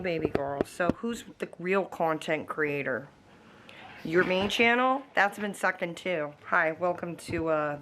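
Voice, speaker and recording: A woman's voice: on the low side, sharp tone, a little hiss or hum. A woman vlogging from home in a casual, blunt, profane rant aimed straight at the camera. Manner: talks to the camera.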